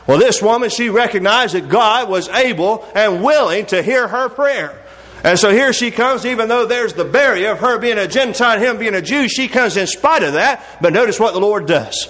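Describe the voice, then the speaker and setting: A man's voice: high-pitched, animated, moderate pace, a bit bright. A man preaching a sermon in a folksy, conversational way, full of rhetorical questions. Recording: long reverb of a large hall.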